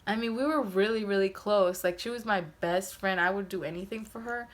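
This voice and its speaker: A woman's voice: medium pitch, a little fast. A woman in her twenties casually telling a personal storytime, full of fillers and quoted asides. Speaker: vlogger.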